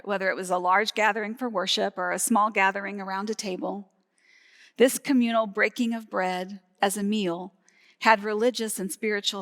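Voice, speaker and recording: A woman's voice: mid-range voice, a bit bright. Woman pastor preaching in a reverberant church. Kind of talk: sermon. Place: church sanctuary, live service. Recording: long hall reverb from a church.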